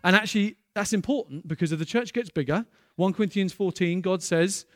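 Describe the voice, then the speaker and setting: A man preaching a sermon, telling stories in a lively way that jumps into loud, excited bursts. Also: sits high, a little fast, dry recording, studio quality.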